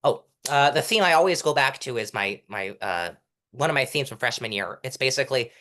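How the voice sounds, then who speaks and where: A young man, a mock trial competitor appearing as an interview guest, gives courtroom presence advice in a relaxed, casual coaching interview. He speaks briskly and animatedly, his pitch rising and falling a lot. He keeps pausing to act out short lines, reciting them at different volumes to show how loud and soft delivery sounds.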